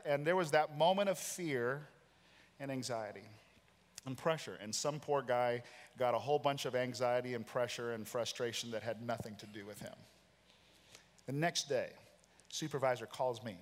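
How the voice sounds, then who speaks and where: Man in his forties, pastor, sermon, animated storytelling, mid-pitched voice, long hall reverb. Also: normal speed. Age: 40s. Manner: animated storytelling, self-deprecating. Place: large church auditorium.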